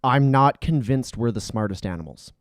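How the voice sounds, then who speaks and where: A male co-host who muses in an offhand way, his pitch bouncing lively up and down. His voice sounds dry and close. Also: moderate pace, no room sound. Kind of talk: casual chat.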